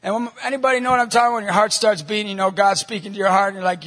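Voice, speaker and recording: Man, Catholic ministry leader, animated storytelling, breathy voice, long hall echo. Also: sits high, very fast. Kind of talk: talk to a church group.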